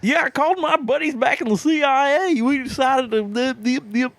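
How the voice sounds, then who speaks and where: A man's voice: very high voice, moderate pace, a bit bright, no echo, voice pushed up. A man putting on a mild Southern American accent as a laid-back CIA boss. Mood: folksy. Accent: mild Southern American, put on.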